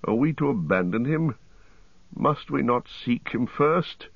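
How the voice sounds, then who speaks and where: A man voicing a weary, grim male ranger and leader, speaking gravely. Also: mid-range voice, lively intonation, measured pace, no echo, highs cut off, voice pushed up, heavily acted.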